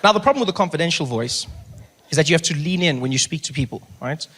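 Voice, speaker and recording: A middle-aged South African man telling a stand-up comedy story, animated, slipping in and out of character voices. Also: on the high side, fast talker. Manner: animated, acts out characters with voice shifts.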